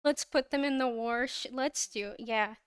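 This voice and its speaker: Young woman, livestream host, gushing fan energy; bright-pitched, very clean voice, dry and close on mic. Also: unhurried, smooth, dry recording. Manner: gushing and giggly, frequent laughs and restarts. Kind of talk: casual fandom chat on a livestream. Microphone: own microphone, close.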